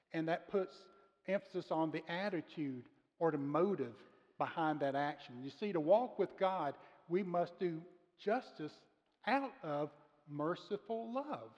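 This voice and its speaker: A man preaching a sermon as pastor, speaking earnestly and slowing down to stress key words. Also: on the high side, darkish tone. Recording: muffled sound with long reverb of a large room.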